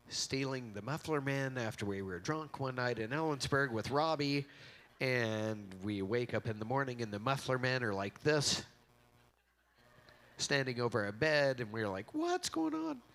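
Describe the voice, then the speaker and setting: A man's voice: medium pitch, unhurried, fairly bright tone. A middle-aged man giving an informal eulogy in a convention hall on a handheld mic, rambling and joking as he tells stories. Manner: rambling, joking storytelling with acted quotes. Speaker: eulogy speaker. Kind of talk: informal memorial speech.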